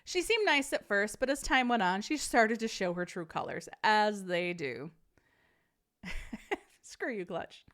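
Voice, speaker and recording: A woman's voice: mid-range voice, expressive, a little slow, a bit bright. A woman hosting a casual live-streamed podcast, chatting with viewers and reading a story aloud, laughing often.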